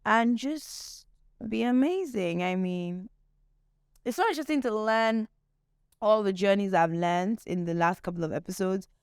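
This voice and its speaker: A woman's voice: mid-range voice, expressive, a little slow, clean tone, no echo, studio quality. A woman hosting her own show, talking candidly and playfully to her viewers in a casual monologue. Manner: candid, chatty, playful asides. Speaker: host.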